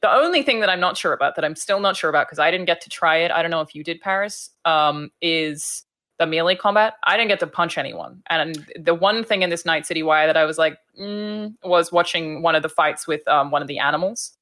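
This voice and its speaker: A woman co-hosting a casual podcast, chatting excitedly with plenty of fillers. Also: sits low, fairly quick. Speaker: co-host.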